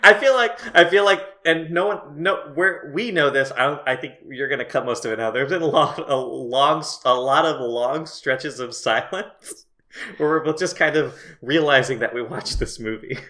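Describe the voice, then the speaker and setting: A man co-hosting a podcast in casual chat, animated, swearing casually and laughing often. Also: medium pitch, moderate pace. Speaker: podcast co-host.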